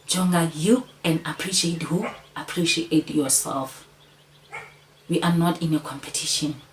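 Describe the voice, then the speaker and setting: A woman talks straight to camera with a low voice, giving motivational advice. She is earnest and coaxing and repeats her points, over a faint background hiss. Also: measured pace, low-quality recording. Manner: earnest, repetitive, coaxing, addresses listener as "Sana". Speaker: channel host.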